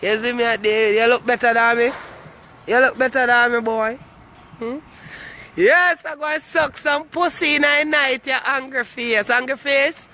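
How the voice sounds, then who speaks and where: Brief: Jamaican man, very high bright voice, swaggering, crude, taunting his online critics. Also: fairly even intonation, normal speed, a little hiss or hum. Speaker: comic vlogger. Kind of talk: boastful comic rant to camera.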